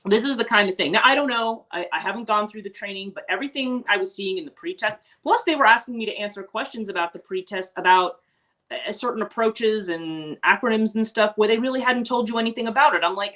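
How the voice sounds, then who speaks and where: A woman's voice: mid-range voice, fairly quick, fairly bright tone. A woman hosting a casual morning livestream, chatting with viewers and rambling with many restarts and asides. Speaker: host; teacher and life coach.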